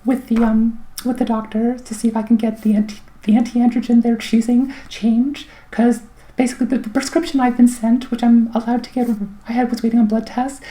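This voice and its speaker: A middle-aged woman giving a casual, rambling personal update full of fillers and wry asides, her throat clogged so she keeps clearing it. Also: a little high, little pitch movement, brisk, dark tone. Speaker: vlogger.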